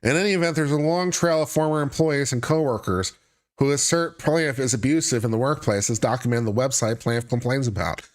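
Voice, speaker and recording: A man's voice: medium pitch, fairly quick. Man reading a legal filing with sarcastic asides. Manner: reads legal text aloud then breaks off into sarcastic asides. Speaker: legal commentary host. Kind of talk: live-stream commentary reading a court filing.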